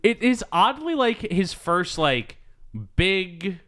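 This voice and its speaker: A man's voice: sits high, lively intonation, slow pace, fairly bright tone. A man hosting a podcast in casual chat, rambling and hesitant with many ums. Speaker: podcast host.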